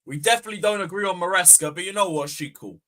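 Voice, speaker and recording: A young man hosting a fan livestream, bantering loudly, swearing and taunting viewers. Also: high voice, quick pace. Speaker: fan channel host. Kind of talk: casual livestream chat.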